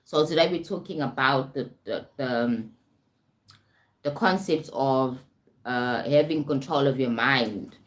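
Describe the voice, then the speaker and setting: A woman's voice: rumbling low, unhurried. A South African woman hosting a casual live talk, keeps checking in with her listeners by asking "right?" and "you understand?". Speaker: host. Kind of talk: casual live-stream talk on self-help.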